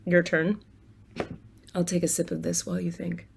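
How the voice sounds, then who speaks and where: A woman's voice: lowish voice, flat delivery, normal speed, vocal fry, slight background noise. Lady chatting to her viewers from home, open and laughy, drops swear words casually. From United States. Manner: chatty and candid, swears freely, laughs often. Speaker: spiritual coach and tarot reader. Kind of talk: casual chat to viewers, guided gratitude list. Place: apartment at home.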